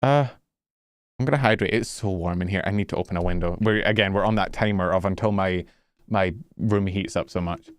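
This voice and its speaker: VTuber host, casual rambling talker, low-ish voice, catches breath between tangents. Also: male voice, fairly quick, clean tone, no echo, studio quality. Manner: rambling, self-interrupting, animated. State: slightly out of breath. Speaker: VTuber streamer. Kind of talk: casual chat with stream viewers. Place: warm bedroom.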